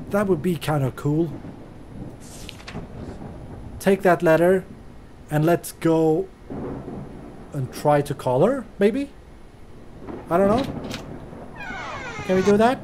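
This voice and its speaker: A man's voice: high-pitched, animated, slow pace, pauses often, mellow, a little hiss or hum. A man giving casual let's-play commentary on a horror game, chatty and reacting aloud with swearing. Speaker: gaming streamer.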